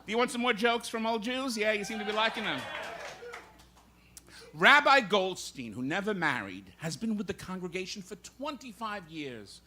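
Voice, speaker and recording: The comedian's voice sits high with big pitch swings, bright and forceful at normal speed, against slight background noise. Onstage in a comedy club, he delivers old-school jokes and trades barbs with hecklers during crowd work.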